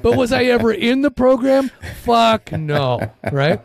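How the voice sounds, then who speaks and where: A man's voice: extremely high pitch, very animated, a little slow. A man with a Minnesota accent hosting a podcast, talking bluntly in casual chat, swearing a lot and rambling. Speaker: podcast host.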